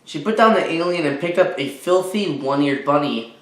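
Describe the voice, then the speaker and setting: A man, a teacher, reading a children's book aloud and talking warmly to young listeners. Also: on the high side, animated, normal speed. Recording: roomy echo.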